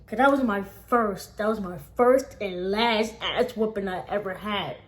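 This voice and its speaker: A woman's voice: mid-range voice, measured pace. Profane, emphatic young woman vlogger. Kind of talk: casual storytime chat.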